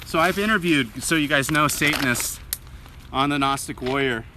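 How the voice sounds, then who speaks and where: A man's voice: a little high, moderate pace. Breathless man talking while walking outdoors. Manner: rambling, full of fillers and asides. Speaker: host of a live video channel. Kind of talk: casual live-stream talk while walking. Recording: outdoor traffic noise. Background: street and vehicle noise.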